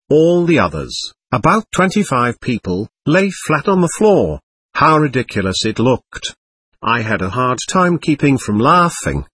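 A man narrating a first-person story in a steady, expressive reading. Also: medium pitch, a little slow, breathy edge, dry recording.

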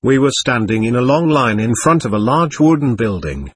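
Male audiobook narrator, husky voice, expressive pitch, dry close sound. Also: no room sound. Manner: measured, expressive storytelling. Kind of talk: first-person scripted narration.

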